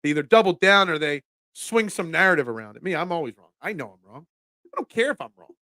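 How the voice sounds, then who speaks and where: A man hosts a morning sports talk stream, and his voice sits high and bright. He rants in an animated way and pokes fun at himself. The close mic gives a dry sound with no room echo. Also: fast. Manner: animated, ranting, self-deprecating. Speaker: sports talk show host.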